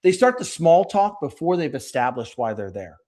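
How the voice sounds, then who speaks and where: A man being interviewed on a podcast, speaking directly and energetically, often acting out quick bits of sales dialogue. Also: a little high, sing-song, darkish tone. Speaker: podcast guest, sales leader. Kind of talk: conversational interview.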